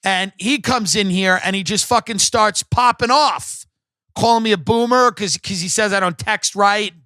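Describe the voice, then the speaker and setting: A man's voice: sits high, normal speed, pushed and bright, dry recording. A man hosting a podcast, ranting in a profane, sarcastic, rambling comedic monologue from his home set. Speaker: podcast host.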